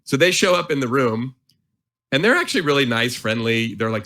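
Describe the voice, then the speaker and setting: A man in his forties tells a story at a quick clip, lively and self-mocking as he plays out the nervous voice in his head. His pitch sits in the ordinary middle for a man. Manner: animated, self-mocking, acts out his inner voice. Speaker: author and guest. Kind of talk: storytelling in a conversation.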